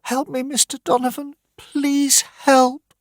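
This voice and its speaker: A man's voice: very high voice, level tone, slow pace, no echo, studio quality, pitched above the performer's own voice. A man voicing a desperate mother who pleads and screams for help for her children in a storybook reading. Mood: pleading. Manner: pleading, screaming, sobbing prayer. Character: desperate woman, a frantic mother.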